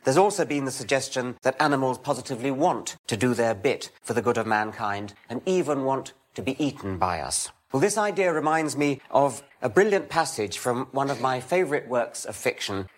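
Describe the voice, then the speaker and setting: An older man giving a public science lecture in a dry, wry, measured way. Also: medium pitch, expressive.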